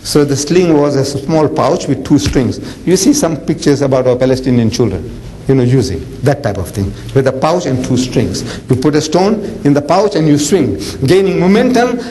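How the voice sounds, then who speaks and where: A man giving a lively storytelling lecture as an Islamic preacher, chatty with many asides. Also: fairly high pitch, normal speed, slight background noise, low-quality recording. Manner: animated, conversational, with frequent "you know" asides and acted voices.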